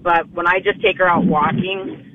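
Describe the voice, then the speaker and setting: A woman's voice: lowish voice, fairly even intonation, normal speed, slight background noise. Hesitant woman caller on a tinny phone line. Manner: hesitant, many ums. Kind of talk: call-in radio question.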